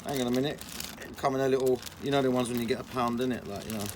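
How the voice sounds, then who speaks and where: A young man, chatting casually and excitably on a vlog, full of slang. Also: medium pitch, racing, background noise. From England. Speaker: vlogger.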